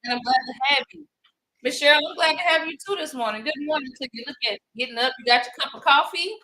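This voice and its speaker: A woman from Louisiana hosting a casual morning live stream, chatty and warm with viewers, greeting them by name and laughing often. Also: high-pitched, fast, a little hiss or hum.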